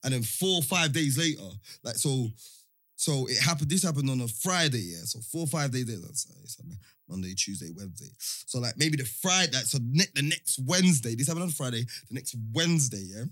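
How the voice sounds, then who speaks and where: A young man, animated and full of slang, telling a story in casual chat. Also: medium pitch, brisk, dry recording, clean studio sound.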